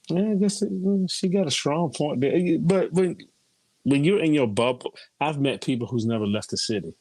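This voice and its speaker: Chatting in a group, this middle-aged man spins stories and keeps quoting other people. He has a mid-range voice, recorded without echo.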